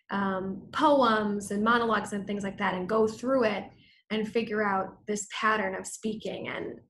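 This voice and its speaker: A woman's voice: mid-range voice, fairly bright tone, rough recording. A woman giving an online lecture as a community program coordinator, talking in a chatty, informal way with frequent fillers and restarts.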